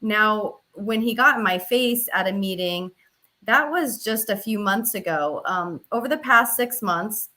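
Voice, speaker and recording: A woman's voice: medium pitch, animated, a little slow, sharp tone. A woman advocate for election observation, telling her story earnestly in an interview. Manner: earnest, recounts events with quoted dialogue.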